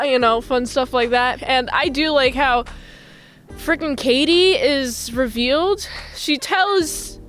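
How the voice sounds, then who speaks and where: High-voiced young woman rambling casually. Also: unhurried, a bit bright, soft background music. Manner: rambling and jokey, casual slang. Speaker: movie reviewer. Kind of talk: casual movie recap.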